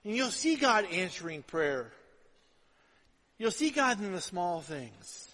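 A man's voice: very high-pitched, sharp tone. A man preaching a sermon as pastor, chatty and informal, often asking the congregation "right?" to check they follow. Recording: long hall reverb.

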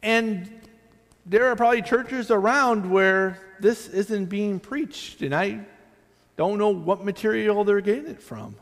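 A man's voice: sits high, unhurried. A man preaching a sermon as pastor of a church, talking in a conversational, self-deprecating way with frequent restarts and asides. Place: church sanctuary. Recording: long hall reverb.

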